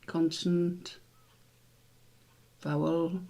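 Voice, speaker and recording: Man, quiz host, gravelly voice, slow unhurried delivery, thinking aloud, spelling out letters. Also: a little high, little pitch movement, mellow. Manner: muses aloud over word puzzles, spells letters out. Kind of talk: casual live word-game hosting.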